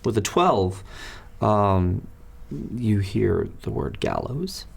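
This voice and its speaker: A man narrating as dungeon master in a tabletop game, dropping to a hush for secrets. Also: lowish voice, sing-song, takes it slowly, vocal fry, slightly rough.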